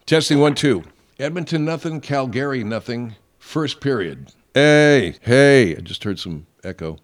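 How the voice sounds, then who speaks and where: A middle-aged man hosting a podcast, rambling and profane, clearing his throat often. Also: medium pitch, lively intonation, a little slow. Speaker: podcast host. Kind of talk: casual comedic monologue.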